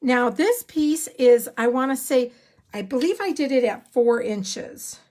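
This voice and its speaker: A woman giving a live card-making tutorial, chatty and excitable, rambling a little as she works. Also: sits high, a little slow.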